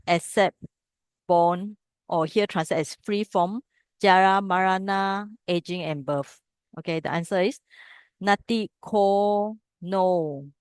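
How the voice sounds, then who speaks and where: A woman's voice: lowish voice, a little mellow, clear, resonant tone, no room sound, clean studio sound. Woman teaching a text lesson patiently. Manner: explains step by step with frequent "okay?" checks. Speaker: Pali teacher. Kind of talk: classroom text study lesson.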